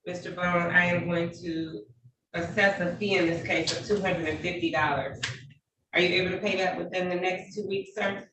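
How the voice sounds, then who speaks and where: Woman judge, video call, measured and procedural, echoey room, set back from the mic. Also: fairly low pitch, fairly even intonation. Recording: echoey, distant, faint noise.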